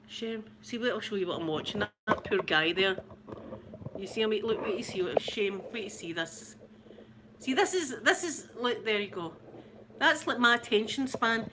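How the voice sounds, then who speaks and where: Bright-voiced Scottish woman chatting. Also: medium pitch, animated, slight background noise. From Scotland. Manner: rambling and chatty, quick to laugh, greets viewers by name. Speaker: ASMR livestream host. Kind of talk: casual livestream chat.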